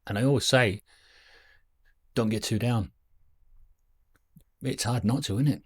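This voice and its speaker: A man's voice: medium pitch, unhurried, breathy edge. A man, chatting to camera at home in a rambling, self-deprecating way as a vlogger. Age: 50s. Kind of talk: casual reminiscing to camera. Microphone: camera on a stand.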